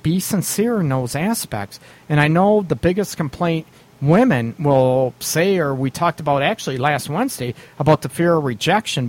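A man hosting a radio advice show, talking bluntly and casually about relationships with frequent laughs and mild swearing. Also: a little high.

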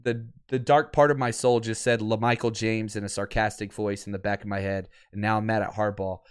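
A man hosting a live sports podcast, talking in an excitable, candid way with frequent restarts, and losing his voice. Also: on the low side, brisk, clear, resonant tone.

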